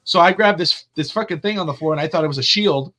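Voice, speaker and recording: A man co-hosting a sports podcast, telling stories in a loose, animated way and swearing freely. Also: on the high side, quick pace. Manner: animated, profane storyteller. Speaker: podcast co-host. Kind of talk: casual sports chat.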